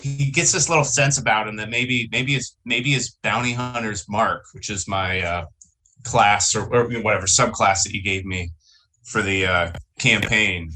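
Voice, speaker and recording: A man's voice: lowish voice, moderate pace, bright, forceful tone. A man playing in a tabletop game, thinking aloud with hesitant phrasing. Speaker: player. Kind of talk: casual tabletop game chat.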